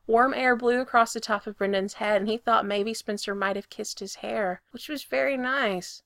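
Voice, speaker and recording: A woman reading a story aloud with lively, expressive narration that swells when the scene gets exciting. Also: a little high, moderate pace, hardly any pauses, no echo, studio quality. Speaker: reader.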